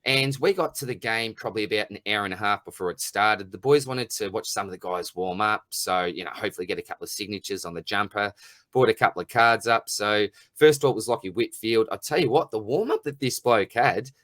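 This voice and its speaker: A man's voice: fairly low pitch, fairly quick, a bit bright, no room sound. A middle-aged man with an Australian accent, hosting a podcast in blunt, rambling, jokey rants. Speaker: podcast host. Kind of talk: casual chat.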